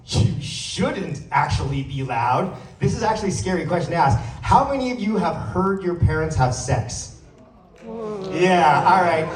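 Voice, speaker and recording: A man doing a stand-up comedy set on stage, playful and animated as he works the crowd. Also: on the high side. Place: comedy stage before a live audience. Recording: roomy sound from a distant mic.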